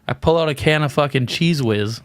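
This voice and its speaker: A man's voice: a little high, brisk, no echo. A man guest on a podcast, telling rambling stories with plenty of swearing and laughter. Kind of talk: casual profane chat.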